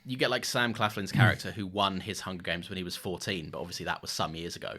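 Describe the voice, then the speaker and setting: Low, bright-voiced male podcast co-host. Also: fast talker. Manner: animated, swears freely, laughs often. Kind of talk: casual film discussion.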